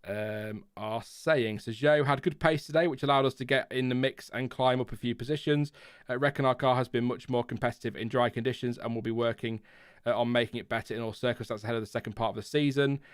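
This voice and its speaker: A chatty man hosts a casual live stream, laughing often between viewer messages and press releases. His voice is smooth and clear, recorded close and dry with no room sound. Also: medium pitch, normal speed, dry recording. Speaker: livestream host.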